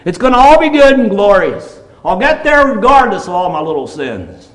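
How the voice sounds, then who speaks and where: A man voicing a carefree woman neighbor who shrugs off her little sins, in a high, lilting voice. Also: sing-song, normal speed, roomy sound, in a large hall, lightly acted, poor audio. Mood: breezy. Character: carefree older woman neighbor, breezy about sin.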